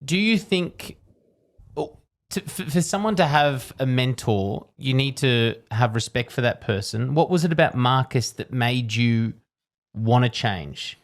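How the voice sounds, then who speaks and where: A man hosting an interview podcast, asking relaxed questions and sharing his own stories. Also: mid-range voice, measured pace. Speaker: podcast host.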